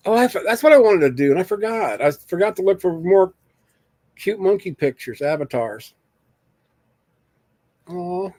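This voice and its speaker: A man's voice: sits high, expressive, unhurried, long pauses, a little mellow, no room sound. A man casually chatting with viewers on a live stream, rambling and joking as he reads the chat aloud.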